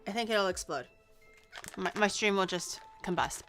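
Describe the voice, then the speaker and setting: A young woman from Canada, chatting casually on a stream while tasting snacks, excitable and swearing lightly. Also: medium pitch, normal speed, soft background music.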